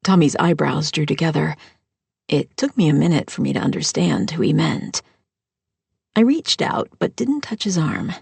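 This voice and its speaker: Lady reading a cozy audiobook, raspy gravelly voice, dry. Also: low-pitched, big pitch swings, moderate pace, a little mellow, no room sound. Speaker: audiobook narrator. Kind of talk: first-person audiobook narration.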